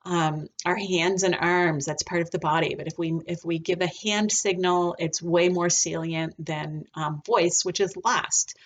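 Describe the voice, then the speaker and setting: A woman teaching a recorded lesson on dog behavior, talking in a relaxed, chatty way with frequent ums. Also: on the low side, measured pace, few pauses, lo-fi sound. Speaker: dog trainer.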